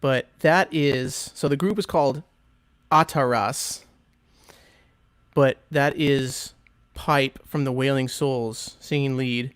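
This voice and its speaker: A man hosting a music podcast talks with eager enthusiasm, his voice smooth and clear. He fills his sentences with ums and asides. The sound is dry and close, with no room echo. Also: mid-range voice, fairly even intonation, takes it slowly, pauses often. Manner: chatty, enthusiastic, full of fillers. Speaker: podcast host and record selector. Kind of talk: casual chat.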